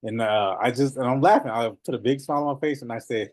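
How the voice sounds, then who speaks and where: A man coaching notaries in a casual, animated talk, laughing often and repeating phrases. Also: medium pitch, quick pace, dry recording.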